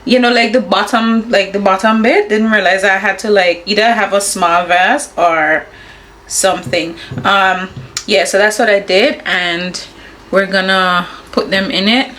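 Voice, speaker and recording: A woman in her thirties with a Caribbean English accent, chatting casually to her viewers and her husband at home, giggly and warm. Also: medium pitch, fairly even intonation, measured pace. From Caribbean, grew up in Anguilla. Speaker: vlogger. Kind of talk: casual home vlog chat. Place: home, indoors.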